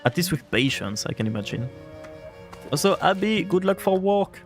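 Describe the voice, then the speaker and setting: A man's voice: high voice, big pitch swings, moderate pace, faint music behind. A man streaming a game live, chatting casually and answering his viewers' chat, rambling with lots of filler words. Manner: rambling, heavy use of "like" fillers; reacts to and answers chat aloud.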